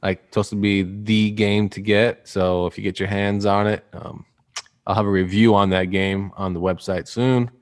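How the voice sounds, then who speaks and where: A man's voice: fairly low pitch, fairly even intonation, normal speed. A man hosting a podcast in casual, rambling chat, joking and teasing his co-hosts. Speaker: podcast host.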